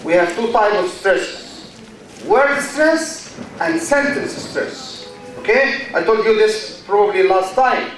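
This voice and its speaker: A man teaches in a big echoing hall, heard from a distance. His voice sits high and he speaks slowly, repeating words and firing questions at his students. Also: expressive, a bit bright, soft background music. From Egypt. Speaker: university lecturer. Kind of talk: classroom lecture. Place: lecture hall. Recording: echoey hall, distant mic.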